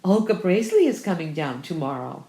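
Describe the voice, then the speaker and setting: An eager, fussy young gentleman, brisk and a touch self-important as he hands out news, as a woman voices him. The reading sits low and lively in a roomy, echoing space. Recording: roomy echo.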